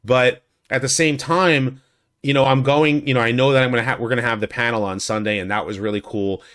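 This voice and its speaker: A man's voice: fairly even intonation, a little fast, fairly bright tone. Man rambling through a fan convention recap. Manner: rambling, with many restarts and likes; acts out quotes in a much higher voice. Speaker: YouTube host recapping a convention. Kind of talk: casual spoken recap. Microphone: USB studio condenser mic.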